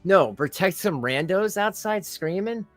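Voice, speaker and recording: A man rants in reaction commentary, heaping sarcasm and scorn on his target. His voice sits a little higher than most men's, and soft music plays faintly underneath. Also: expressive, measured pace, dry recording. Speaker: commentary channel host.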